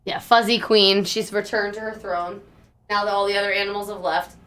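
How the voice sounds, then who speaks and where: A young woman streaming live, chatting casually with viewers in a bubbly, self-deprecating way and breaking into squeaky exclamations. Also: level tone, a little fast, fairly bright tone, clean tone.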